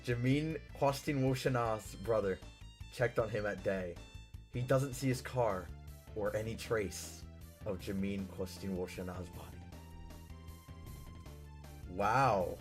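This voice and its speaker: A man's voice: on the low side, slow, long pauses, faint music behind. A man streaming live, reading out viewer stories and breaking into laughs and mock-indignant protests along the way.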